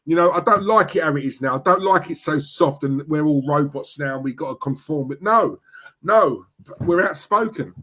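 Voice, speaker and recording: A man's voice: fairly high pitch, lively intonation, normal speed, bright, forceful tone. A young man ranting casually on a live stream, outspoken and repetitive, tagging his points with "right?" and "yeah?". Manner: outspoken, repetitive, tag questions.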